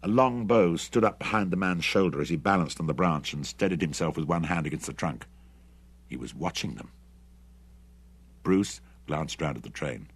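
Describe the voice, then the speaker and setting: A man narrating an adventure novel audiobook in an expressive, dramatic reading. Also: deep voice, normal speed, slightly rough. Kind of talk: scripted narration.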